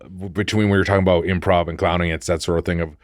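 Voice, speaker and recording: A low-voiced man on a podcast, thinking out loud and circling back with fillers and false starts. The room is dead dry, with no echo. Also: level tone, fast. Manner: rambling with restarts and fillers. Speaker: podcast co-host. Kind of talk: casual podcast chat.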